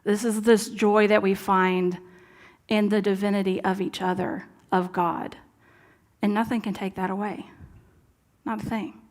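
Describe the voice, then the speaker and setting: A woman's voice: mid-range voice, level tone, measured pace. Earnest woman preaching conversationally. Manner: conversational, earnest, drops to soft asides. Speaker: minister. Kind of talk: sermon. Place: church sanctuary.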